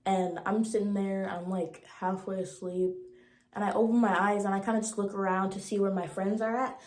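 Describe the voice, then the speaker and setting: Animated, slangy young woman telling a story. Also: medium pitch, fairly quick. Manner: animated and slangy, acting out the voices. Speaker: vlogger. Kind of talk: storytime vlog. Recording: roomy echo.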